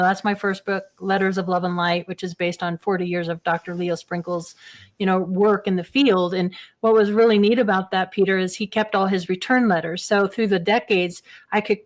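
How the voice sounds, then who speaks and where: A woman talks as a guest on an interview show, her pitch sitting in the middle of the range. She tells her stories in a lively way and laughs between sentences. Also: brisk. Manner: animated storyteller, laughs often. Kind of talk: casual interview talk.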